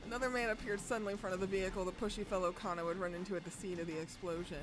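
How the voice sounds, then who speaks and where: A young woman streaming a visual novel, reading the text aloud and breaking into loud, sweary outbursts. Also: medium pitch, racing. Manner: loud, excitable outbursts and swearing between calm narration.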